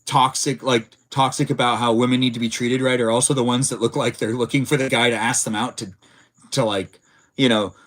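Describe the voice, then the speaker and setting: A man's voice: medium pitch, steady tone, fairly quick, fairly bright tone. Male streamer, casual stream host, rambling and filler-heavy, reacts to chat. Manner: rambling, many filler words; reads and answers chat messages. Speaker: livestream host.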